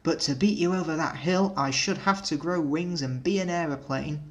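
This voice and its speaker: A man's voice: fairly high pitch, moderate pace, lightly acted. A man voicing Bertie, a cheerful male country bus, good-natured and hearty in a storybook reading.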